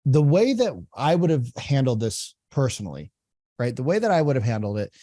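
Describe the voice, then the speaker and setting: A man's voice: medium pitch, very animated, brisk, warm tone, no room sound, studio quality. A man hosting a podcast, explaining sales-call technique in a coaching tone and often asking "right?". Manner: explanatory, repeats phrases, frequent "right?". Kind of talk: coaching commentary.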